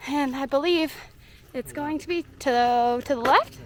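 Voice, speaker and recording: Out on a hiking trail, a young Southern US woman narrates her vlog to the camera, cheerful and quick to laugh. Her voice is high-pitched and her pace measured.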